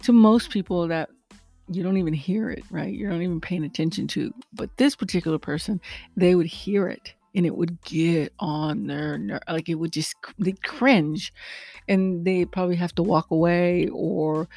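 A woman vlogger chatting casually to her viewers in a rambling, animated way about her pet peeves. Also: fairly low pitch, moderate pace, vocal fry, no echo, faint music behind. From lives in Texas. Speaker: vlogger and rideshare driver. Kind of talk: casual chat to camera.

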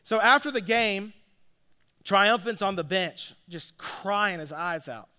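A man's voice: high-pitched, takes it slowly, pushed and bright. A middle-aged man, a pastor, giving a conversational sermon full of asides and restarts.

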